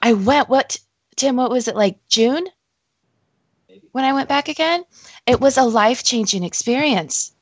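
A woman's voice: a little high, lively intonation, measured pace, pauses often, husky, dry recording. A woman on a casual podcast panel, speaking with emphatic enthusiasm.

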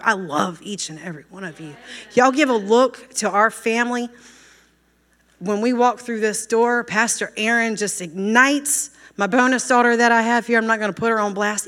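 A woman's voice: medium pitch, pushed and bright. A woman giving a heartfelt spoken testimony at a microphone during a church service. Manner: earnest, heartfelt, fervent. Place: church hall. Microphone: handheld microphone. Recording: long reverb of a church hall.

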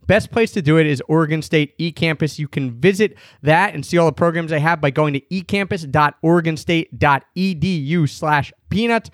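A man's voice: on the high side, brisk, hardly any pauses, no echo, studio quality. A man hosting a podcast in an upbeat, playful and emphatic way. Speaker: podcast host.

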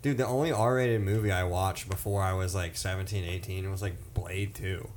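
Man, slightly deep, relaxed banter, faint room noise. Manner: casual, quick asides, jokey impressions. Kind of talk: casual chat.

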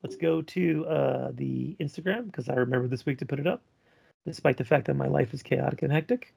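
A man's voice: mid-range voice, fairly quick, gravelly, a little mellow, breathy edge, no room sound. A man co-hosting a casual podcast, rambling loosely through poll results with lots of ums and some swearing. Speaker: podcast co-host.

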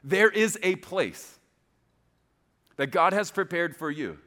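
A male pastor preaching a sermon, emphatic and lively, pushing ahead quickly and then slowing right down to stress a point, often checking in with the congregation. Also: high voice. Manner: animated, emphatic, speeds up and slows down for stress; checks in with the congregation, repeating "okay?".

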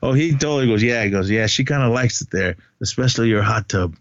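A man's voice: mid-range voice, fast, dry recording, highs cut off. A man with a son, chatting casually on a podcast as he retells a movie's plot, rambling, laughing often and acting out the characters' lines. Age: adult, has a son. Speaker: podcast co-host. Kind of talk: casual movie recap chat.

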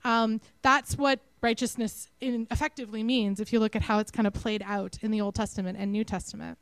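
A woman with a Texan accent giving a conversational, animated sermon to her church. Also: fairly high pitch, brisk, clean tone, no room sound, low-quality recording. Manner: conversational, animated, self-deprecating. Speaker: preacher.

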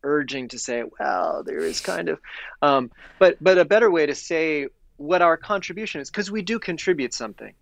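A man, a priest and podcast guest, explains spiritual ideas in a reflective, thinking-aloud way. His voice sits a bit high for a man. The sound is close and dry. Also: expressive, a little fast, hardly any pauses, dry recording. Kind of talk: conversational spiritual discussion.

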